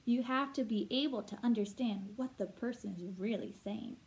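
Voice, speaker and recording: A woman teacher explaining vocabulary words slowly and clearly, asking her listeners questions as she goes. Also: a little high, a little mellow, rough recording. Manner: slow, clear teacher talk with rhetorical questions. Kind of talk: read-aloud vocabulary lesson.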